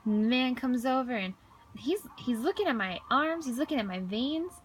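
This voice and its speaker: A woman with a fairly high voice interprets a signed story into spoken first person. She often stops, restarts and repeats words as she keeps up. A soft hiss sits faintly under her voice. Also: expressive, normal speed. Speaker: voice-over interpreter for a deaf man.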